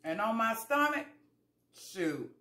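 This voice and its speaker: Woman, eating vlog, folksy chatter, bright tone, roomy echo. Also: a little high, big pitch swings, slow pace. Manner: chatty, talks to viewers as "y'all" while eating; folksy storyteller, acts out both sides of conversations. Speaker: vlogger. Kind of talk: casual eating vlog chat.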